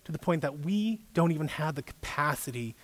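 Speaking in a large hall, a man with an animated voice on the high side goes a little fast. In the role of youth pastor he gives a relaxed, chatty sermon, conversing with the audience and testing them with questions.

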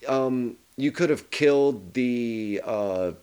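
A man's voice: medium pitch, takes it slowly, warm tone, clean tone. Casual man reviewing a film. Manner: profane, hesitant with fillers. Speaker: podcast co-host. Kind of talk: casual movie review chat.

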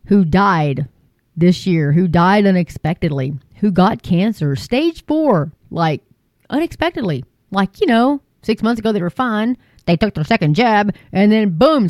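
Indignant sarcastic woman, dull dry recording. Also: dry recording. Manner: indignant, sarcastic, mocking voices with sudden high pitch jumps. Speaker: commentary show host. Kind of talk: casual opinion commentary.

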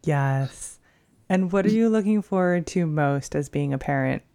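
A woman's voice: deep voice, lively intonation, a little slow, mellow, clear, resonant tone. A woman interviewing a guest, asking brief, supportive questions.

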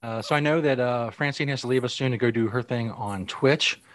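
Steady man announcing the next segment. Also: medium pitch, a little fast, no room sound. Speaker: host. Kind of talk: live-stream show hosting.

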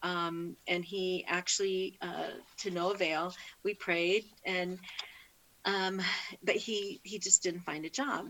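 A woman's voice: lowish voice, fairly even intonation, slow pace, fairly bright tone, a little hiss or hum, rough recording. Heartfelt woman sharing her faith story. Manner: heartfelt storytelling with many restarts. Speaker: interview guest. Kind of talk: personal faith testimony.

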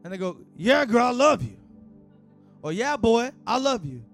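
A man imitating a booming famous preacher. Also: very animated, faint music behind, exaggerated voice. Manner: loud emphatic preaching cadence, drawn-out lines. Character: impression of a famous older male preacher, booming and dramatic.

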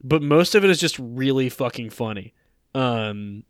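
Smooth, dry-voiced sardonic man. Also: medium pitch, animated, a little slow, no echo. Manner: blunt, profane, sardonic. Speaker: podcast co-host. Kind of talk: casual podcast banter.

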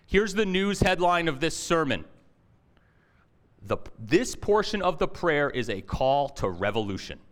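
A man's voice: a little high, very animated. Man preaching a conversational sermon. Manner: conversational, with fillers and restarts; hushed and slow in prayer. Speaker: pastor.

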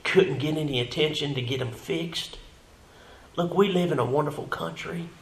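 Man, pastor, sermon, fervent, loud-to-whisper swings, slightly high voice. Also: normal speed, gravelly, reverberant. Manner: fervent preaching, swells loud then drops to a whisper. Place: church sanctuary.

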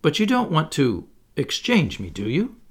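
A man's voice: fairly high pitch, wildly swooping pitch, normal speed, vocal fry, husky, voice pushed up, heavily acted. A man reading aloud and voicing a prim, motherly young girl who talks earnestly and sometimes scornfully.

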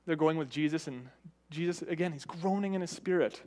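Male preacher, high voice, conversational sermon delivery that keeps checking in with the congregation. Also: a little fast. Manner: conversational, often asks "right?"; varies pitch and loudness for emphasis.

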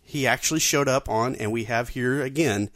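A man's voice: mid-range voice, normal speed, a bit bright, dry recording. A man hosting a podcast, talking casually with frequent fillers and restarts. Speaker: podcast host.

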